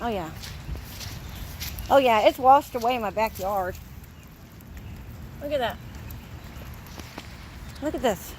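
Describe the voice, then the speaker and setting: Upset homeowner, woman, high voice, slow delivery, phone video outdoors with faint ambient noise. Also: expressive, darkish tone. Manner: upset and exasperated, repeating "look". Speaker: homeowner filming her flooded yard. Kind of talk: phone video walk-through, complaining. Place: outdoors in a flooded, rainy back yard. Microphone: handheld phone.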